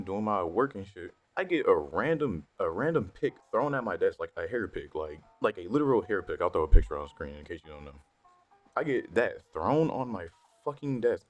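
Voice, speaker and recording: Young man, deep voice, slangy, swearing, animated storytime vlog. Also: muffled recording. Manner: profane, slangy, animated when worked up. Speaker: storytime vlogger. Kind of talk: casual storytelling. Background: faint background music.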